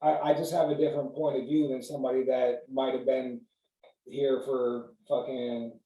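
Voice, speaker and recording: Mellow-toned man telling profane stories. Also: medium pitch, normal speed. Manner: profane, storytelling, animated. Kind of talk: casual podcast chat. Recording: roomy sound, mic at a distance.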